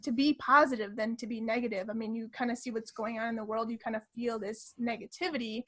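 A woman's voice: a little high, fairly even intonation, fast, a bit bright, no echo. A young woman, a guest on a talk show, telling stories in a rambling way full of "like". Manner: rambling with many "like" fillers. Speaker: guest, daughter of co-guest. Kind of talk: casual chat.

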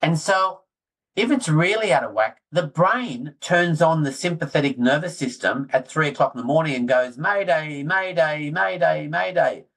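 A middle-aged man, talking excitedly as a guest in a casual interview. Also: fairly high pitch, moderate pace, slightly rough, poor audio. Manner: excitable, animated storyteller, self-deprecating. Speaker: guest orthodontist.

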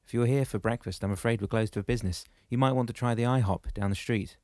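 A man's voice: medium pitch, fairly even intonation, fast, a little mellow, no room sound, close to an everyday voice. A man reading an audiobook voices a battered, wisecracking brother in a teasing, wry manner close to his own voice. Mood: joking.

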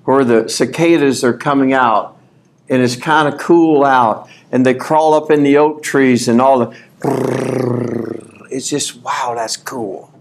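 A man preaching a sermon at a conference, folksy and animated, reading scripture aloud and rising to shouts. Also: medium pitch, measured pace, slight background noise. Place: conference hall.

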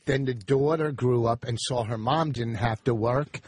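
A man telling a rambling, rushed story as a comedian guest on a radio show. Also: mid-range voice, breathy edge, no echo.

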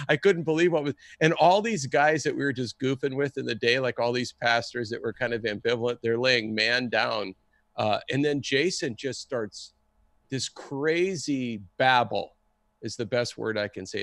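A man telling a story in a casual, excitable way and acting out the people he quotes. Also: medium pitch, moderate pace, dry recording. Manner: animated, acts out the people he quotes. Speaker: guest storyteller.

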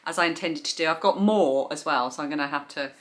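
A woman's voice: sits low, fast, fairly bright tone. A woman vlogging about yarn, chatting enthusiastically from her bedroom floor, rambling with fillers. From England. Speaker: crochet and knitting vlogger. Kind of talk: chatty vlog narration.

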